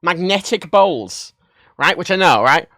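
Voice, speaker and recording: A man hosting a livestream from his desk, chatting casually and excitedly while he jokes and rambles through a show-and-tell. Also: high voice, unhurried. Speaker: livestream host. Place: home desk setup.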